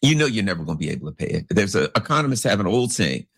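A man's voice: on the low side, big pitch swings, very fast, a bit bright, slightly rough, no echo. A man delivering a rambling, sarcastic political commentary monologue as host.

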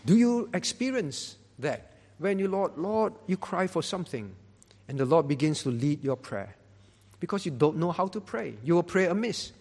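This is a man preaching a sermon in a high-pitched voice. He leans hard on stressed words and repeats phrases as he builds each point. His voice carries a long, echoing reverb, as if filling a large hall. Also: sing-song, normal speed. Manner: emphatic, rising to loud stresses. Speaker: pastor.

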